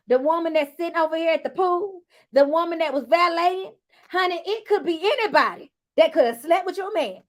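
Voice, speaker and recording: A woman hosting a casual reality TV recap vlog, sassy and animated, talking straight to her viewers and calling them honey. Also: high-pitched.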